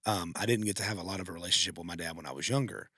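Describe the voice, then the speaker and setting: A man's voice: low-pitched, racing, a bit bright, no room sound, clean studio sound. A man co-hosting a podcast, telling a heartfelt personal story in a rambling, emotional way with many restarts. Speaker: podcast co-host. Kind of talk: casual storytelling.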